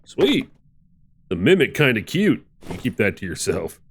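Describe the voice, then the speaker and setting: A man streaming a game, giving casual, excitable commentary with swearing and bursts of laughter. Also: fairly low pitch, a little slow, slight background noise.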